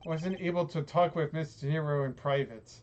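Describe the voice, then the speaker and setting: A man voicing a composed, formal male prosecutor, speaking in a measured, brooding way. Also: a little high, darkish tone, highs cut off, slight background noise, close to an everyday voice. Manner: measured, formal inner monologue. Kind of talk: reading game dialogue aloud.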